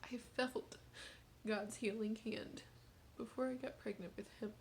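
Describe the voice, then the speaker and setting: Whispery gravelly mother in a video diary. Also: fairly high pitch, fairly even intonation, a little hiss or hum. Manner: soft, often whispery, halting. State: tearful, crying at times.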